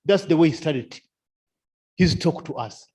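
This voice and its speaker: Husky, high-voiced lecturer. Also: male voice, expressive, a little slow, darkish tone. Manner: repetitive, rhetorical questions, chuckles often. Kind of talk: seminar lecture. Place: seminar room.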